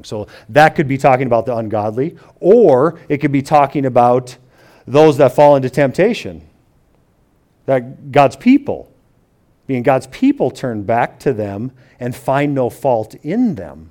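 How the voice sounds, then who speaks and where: A man preaching at an ordinary pitch, moving between slow, quiet readings of scripture and loose explanation. He thinks aloud, restarts his sentences and puts quotes into everyday words. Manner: reads scripture slowly and quietly. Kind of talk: sermon teaching.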